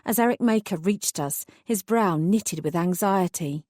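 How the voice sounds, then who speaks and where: A woman narrating a first-person fantasy audiobook in a measured, wry way. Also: on the low side, a little mellow, no echo, clean studio sound.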